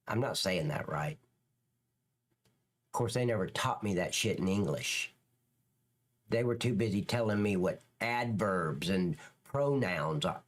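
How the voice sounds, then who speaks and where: A man hosting a live stream in a loose, rambling chat, swearing freely and answering comments from viewers. His pitch swings widely from line to line.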